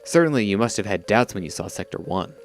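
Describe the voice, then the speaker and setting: Male reader voicing a stern computer, flat, measured delivery, lowish voice. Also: faint music behind. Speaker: reading game dialogue aloud.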